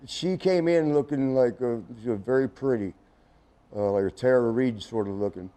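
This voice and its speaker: A man's voice: mid-range voice, moderate pace, mellow. Chuckling middle-aged man telling a tale. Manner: chuckling, rambling storyteller who acts out others' lines. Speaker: interview guest. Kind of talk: casual anecdote telling.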